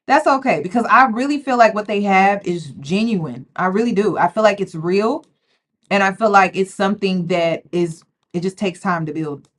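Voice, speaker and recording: With a medium-pitched voice at a moderate pace, a woman offers casual, slangy reality show commentary. She's animated and chatty, talking straight to her viewers and calling them y'all.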